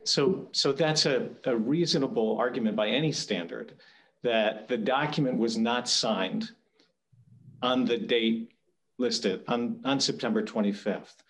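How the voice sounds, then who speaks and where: A man's voice: mid-range voice, a bit bright. Probing male judge questioning counsel. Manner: probing and deliberate. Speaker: appellate judge.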